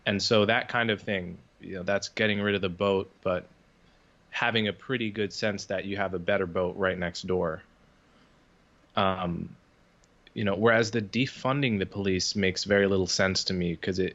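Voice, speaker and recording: A man as a podcast guest, making measured, reasoned arguments with a few fillers. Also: on the low side, a bit bright. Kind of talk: casual interview conversation. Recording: dull lo-fi sound.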